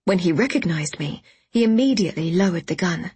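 A woman reading a first-person story aloud in a soft, hushed, often half-whispered way, with a breathy voice. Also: lowish voice, a little fast, no echo. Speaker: audiobook narrator. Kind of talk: first-person scripted narration.

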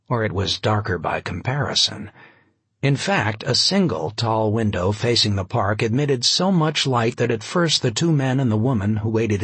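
Male audiobook narrator, husky, low voice, very dry close sound, wry delivery. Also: a bit bright, no echo. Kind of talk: scripted narration.

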